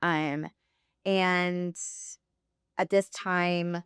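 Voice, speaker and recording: A woman in her thirties telling her faith story on a podcast, candid and quick to laugh. Her voice sits a little low, and the sound is dry and close. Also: steady tone, fairly bright tone, clean tone, no room sound. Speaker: podcast guest. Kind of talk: personal faith testimony.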